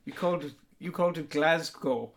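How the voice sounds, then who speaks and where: A man with a slightly higher voice hosts a loose, joking conversation. He teases his guest and slips into playful mock outrage. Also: brisk, vocal fry, over a noisy crowd. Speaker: host. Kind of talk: casual comedic chat.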